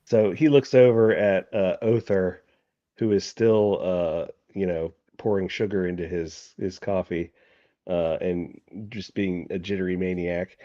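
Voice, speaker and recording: A man runs a tabletop game in a low, mellow voice, pausing often and starting sentences over. The recording is dry and a bit dull, like a home mic. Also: fairly even intonation, no room sound. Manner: halting, many fillers and restarts. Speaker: game master.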